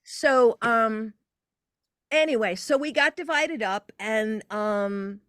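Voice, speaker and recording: An older woman, a podcast guest, telling a long personal story in an animated way, her pitch leaping as she relives moments. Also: slow, no room sound, clean studio sound. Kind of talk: casual storytelling interview.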